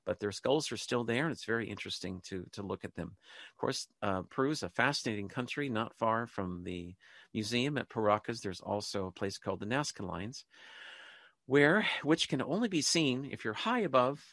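With a medium-pitched, somewhat bright voice, vocal fry and an animated delivery at normal speed, a man hosts a spoken show recorded without echo. He rambles through a casual monologue full of ums and restarts, then leads listeners in a brief prayer.

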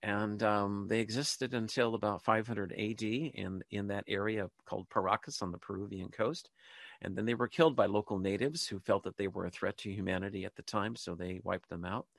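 The host of a spoken show talks a bit fast in a lowish, fairly bright voice with vocal fry and fairly even intonation, recorded with no room sound. His casual monologue rambles with many ums and restarts, and he leads listeners in a short prayer.

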